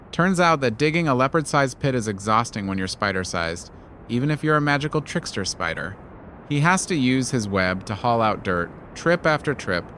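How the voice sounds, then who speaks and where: A man's voice: medium pitch, a bit bright, a little hiss or hum. A man narrating a bedtime story with wry, playful asides.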